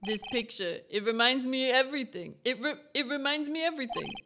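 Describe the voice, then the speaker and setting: A woman voicing a weary male convict who speaks halting, broken English in an uncertain put-on accent, reading game dialogue aloud. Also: very high voice, big pitch swings, background noise, voice pushed up, exaggerated voice. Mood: mournful.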